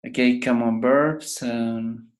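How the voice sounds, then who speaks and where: Slow, patient male English teacher. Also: mid-range voice, fairly even intonation. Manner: repeats each word slowly to drill pronunciation. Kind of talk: pronunciation lesson.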